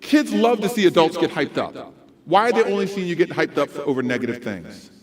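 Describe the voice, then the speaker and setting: A man giving a motivational talk to educators at a school conference, animated and swinging between loud and soft. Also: on the high side, a little fast, a crowd in the background. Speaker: conference speaker.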